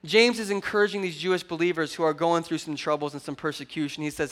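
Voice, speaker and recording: A man in his thirties preaches to his congregation in a high, lifted voice. He is animated and conversational, teasing the crowd and joking between points. His delivery moves from loud calls to the room down to quiet, intimate asides. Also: fast. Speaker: pastor. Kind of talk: sermon.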